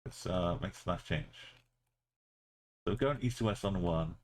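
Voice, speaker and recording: A man with a very low voice talks through a live stream in loose, easy chat. He mutters half-finished thoughts to himself, then turns to his viewers to muse and chat. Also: normal speed, slight background noise. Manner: thinking aloud, musing and chatting with viewers. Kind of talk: casual live-stream commentary while playing.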